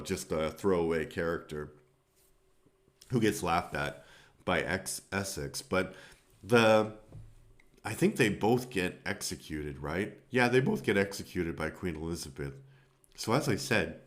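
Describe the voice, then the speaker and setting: A man's voice: deep voice, animated, measured pace. A man hosting a film review podcast, talking casually and rambling, with many fillers and restarts.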